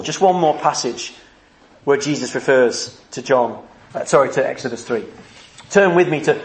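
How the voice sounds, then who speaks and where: Earnest high-voiced male preacher. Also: slight background noise. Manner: earnest, emphatic, acts out quoted voices. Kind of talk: sermon. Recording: echoey room.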